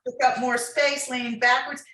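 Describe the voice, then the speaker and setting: A woman author guesting on a podcast, talking in an explanatory, coaching way. Her voice sits a little high. The recording carries a noticeable room echo. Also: little pitch movement, normal speed, bright, forceful tone. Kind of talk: interview, giving workplace advice.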